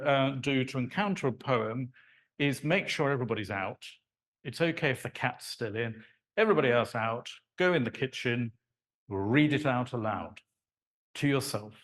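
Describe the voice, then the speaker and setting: Man giving a lively lecture. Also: medium pitch. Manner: animated and conversational, acts out sounds and rhythms. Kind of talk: live lecture to an audience. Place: lecture hall.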